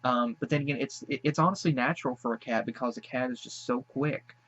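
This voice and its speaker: A man's voice: medium pitch, fast, fairly bright tone. Teary man gushing over a short film, muffled sound. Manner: emotional, gushing, repeats thanks, tearful after crying. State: teary after crying. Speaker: reaction video host. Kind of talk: casual reaction commentary.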